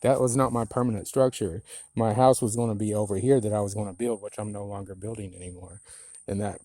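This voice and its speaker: A man's voice: on the low side, fairly even intonation, fast, dark tone, dry recording. A man filming himself outdoors on his rural land with a phone, ranting angrily with profanity and many rambling "you know"s. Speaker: property owner filming a complaint. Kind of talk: angry handheld vlog rant.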